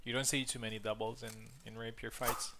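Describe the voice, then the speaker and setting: A man's voice: medium pitch, flat delivery, brisk, creaky, noisy background. A man whose first language is a Latin language, commenting live on a game tournament in a casual way, with frequent fillers and restarts.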